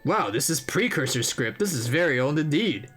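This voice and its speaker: Nestor, a man reading an old, gentle echidna historian. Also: on the high side, animated, moderate pace, faint music behind, voice pushed up. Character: elderly male echidna historian, gentle, wistful, homesick. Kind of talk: reading game dialogue aloud.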